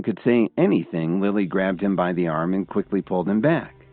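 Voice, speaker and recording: A man narrating an audiobook with a very deep, expressive voice that swings widely in pitch. The sound is tinny and phone-like, with faint music running underneath. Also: brisk, hardly any pauses. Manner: expressive, emphatic storytelling. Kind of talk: scripted narration.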